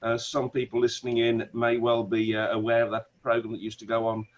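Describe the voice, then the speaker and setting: A middle-aged man with a Wolverhampton accent, a barrister, telling animated stories as a guest on a video call. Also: mid-range voice, fairly quick, muffled recording. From Wolverhampton, England. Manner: animated storyteller, many restarts. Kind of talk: conversational interview.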